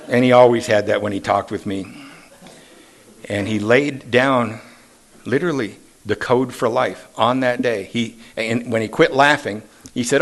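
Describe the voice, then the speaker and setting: A man's voice: mid-range voice, normal speed, fairly bright tone. A man in his sixties sharing his personal recovery story at a meeting, with self-deprecating humor and casual questions to the audience. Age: 60s. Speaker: AA meeting speaker. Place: meeting hall.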